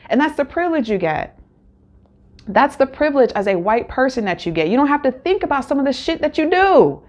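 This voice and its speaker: A woman's voice: high-pitched, sing-song, brisk, highs cut off. A woman hosting a casual solo recap, talking candidly with many fillers and acted-out quotes. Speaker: show recap host.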